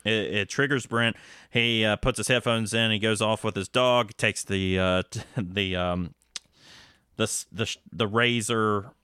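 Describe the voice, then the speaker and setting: A man's voice: fairly low pitch, steady tone, measured pace, bright, forceful tone, clean tone, no echo, clean studio sound. A man casually recapping a movie plot on a podcast, rambling with lots of fillers and restarts. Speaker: podcast co-host.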